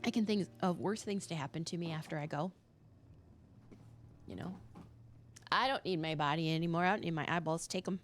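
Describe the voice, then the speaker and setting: A woman's voice: fairly low pitch, a little fast, long pauses, slight background noise. A woman streaming a game, chatting casually in a musing, easily fascinated way. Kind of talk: casual live-stream chat while gaming.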